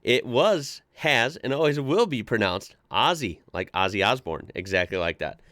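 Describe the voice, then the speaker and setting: An American man hosting a casual reaction video, chatty and quick to laugh as he reads posts aloud. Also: medium pitch, animated, a bit bright, no echo, studio quality. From United States. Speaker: reaction channel host.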